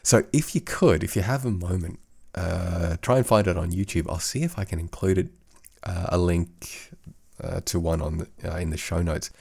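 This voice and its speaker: A man's voice: deep voice, normal speed, gravelly, darkish tone, husky. A middle-aged man with a faded Australian accent hosting a casual solo podcast from his home studio, rambling and often restarting his sentences. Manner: rambling, many restarts and self-corrections. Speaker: podcast host. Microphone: studio microphone.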